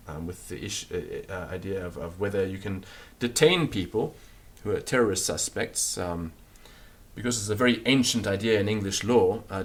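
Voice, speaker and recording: A man teaching a recorded grammar lesson, explaining and repeating words slowly so they can be drilled. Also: on the low side. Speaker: language teacher.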